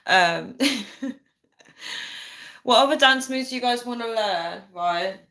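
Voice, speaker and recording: A woman's voice: a little high, slow, pushed and bright. A young woman, hosting a casual livestream and chatting, giggling and reading viewer comments aloud. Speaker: livestream host. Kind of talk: casual live chat. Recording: echoey room.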